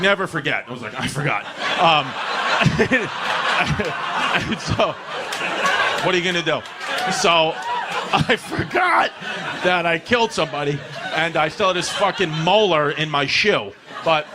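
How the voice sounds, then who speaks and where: A man's voice: fairly high pitch, background noise. A man, telling a rambling, profane stand-up story to a club audience. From New York City. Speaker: stand-up comedian.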